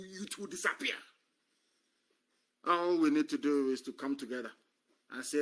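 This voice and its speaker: A man's voice: mid-range voice, lively intonation, normal speed, long pauses, a bit bright. A man speaking on a live stream, delivering an impassioned political monologue, scornful and emphatic, who repeats phrases for effect. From Nigeria.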